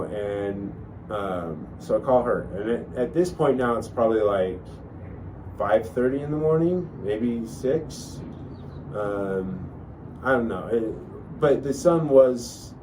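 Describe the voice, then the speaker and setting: A man's voice: on the low side, a little mellow. A man telling a long personal story in a casual, rambling way, full of fillers and restarts. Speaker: podcast host telling a story. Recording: distant mic with faint noise.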